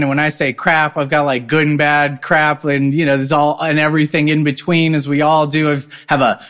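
High-voiced rambling male podcast host. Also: a bit bright. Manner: rambling, jokey, fillers like "right?". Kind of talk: casual podcast intro.

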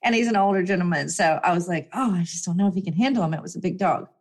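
A young woman telling a personal story in a casual, animated way, full of fillers and acted-out quotes. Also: on the low side, rapid-fire. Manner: animated, chatty, lots of fillers and voiced quotes.

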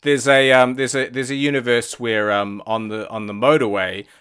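A man co-hosting a comedy podcast, riffing a silly story in a soft, hesitant, trailing way. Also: medium pitch, little pitch movement, moderate pace, clear, resonant tone. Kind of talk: improvised comic storytelling.

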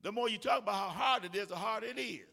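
A male pastor preaching a sermon with call-and-response, building from easy talk to shouted exhortation and mimicking whiny voices along the way. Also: high-pitched, fast, gravelly. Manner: mimics tired whining voices in asides. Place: church sanctuary. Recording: long hall reverb.

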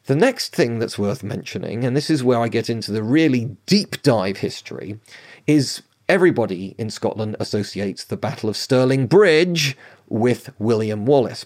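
Guy doing casual history commentary, mid pitch, emphatic, lots of asides and "okay?". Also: darkish tone. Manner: chatty and emphatic, with quick asides and checks like "okay?".

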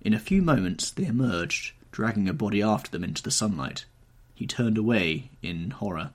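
A man reading a classic novel aloud in measured, literary audiobook narration. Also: lowish voice, breathy edge.

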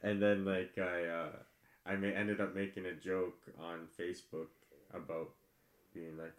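A man's voice: deep voice, flat delivery, measured pace, reverberant. A man telling a rambling anecdote in casual podcast chat, full of "like" and restarts. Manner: rambling anecdote, many fillers.

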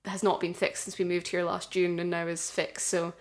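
A young woman co-hosting a podcast, telling an animated story with frequent laughter. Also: fairly low pitch, normal speed. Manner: animated storyteller, laughs often, mimics others. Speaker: podcast co-host. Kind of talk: casual chat, storytelling.

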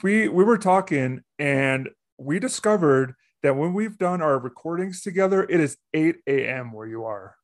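A man hosting a podcast, introducing his guest and chatting casually in a friendly, slightly halting way. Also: fairly high pitch, animated. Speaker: podcast host. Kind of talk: casual interview chat.

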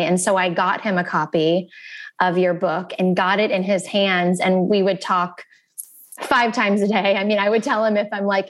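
Earnest woman telling a painful story. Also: medium pitch. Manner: earnest and animated, acting out quoted phone calls. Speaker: interview guest. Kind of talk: emotional personal storytelling.

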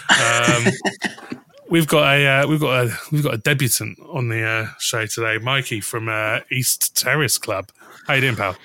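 A man's voice: mid-range voice, moderate pace, pushed and bright. A man hosting a casual podcast, talking in a rambling way with many restarts and some swearing. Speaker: podcast host.

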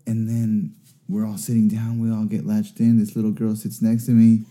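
Young man, very dark mellow tone, profane and self-mocking, casual storyteller. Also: fairly low pitch, monotone, normal speed.

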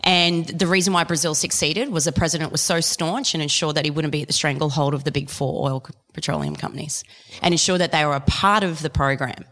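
A woman's voice: low voice, steady tone, fast talker, a bit bright, big-room sound. A woman on a podcast as a guest from the biofuels industry, talking with passion and a lot of emphasis, packed with figures. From Australia. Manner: passionate, emphatic, fact-heavy. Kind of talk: podcast discussion.

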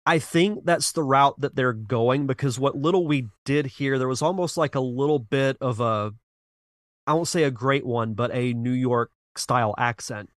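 A man of middle pitch hosts a retro gaming podcast in an earnest, rambling chat. He sighs and restarts a lot, and the sound is dry and close. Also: normal speed, fairly bright tone, no echo. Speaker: podcast host. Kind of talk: casual chat.

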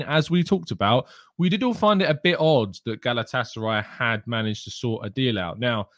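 A man's voice: medium pitch, fairly bright tone, dry recording, studio quality. A man hosting a daily football news show, talking casually with many "uh" fillers and greeting his live chat. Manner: casual, chatty, frequent "uh" fillers. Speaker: host.

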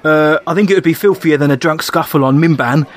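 A man on a casual fan podcast, quick to laugh and tease his co-host while reading listener questions. His voice sits a little high for a man. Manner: jokey, laughs often, reads listener questions.

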